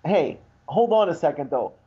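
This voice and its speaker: A man with a high voice rants indignantly as a radio co-host, piling up complaints in loose, casual banter. The audio is dull and lo-fi. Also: animated, normal speed, breathy edge. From Irish heritage.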